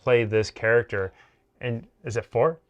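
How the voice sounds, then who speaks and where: A man in mid pitch, neither high nor low, co-hosting a casual TV review chat. He rambles along, piling up fillers and starting sentences over as he thinks aloud. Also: unhurried, highs cut off. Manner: rambling, heavy on fillers and restarts. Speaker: co-host of a TV review show.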